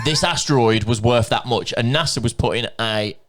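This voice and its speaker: A man's voice: medium pitch, moderate pace, a bit bright. An English man co-hosting a podcast, telling stories in casual chat, swearing and laughing often. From England. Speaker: podcast co-host.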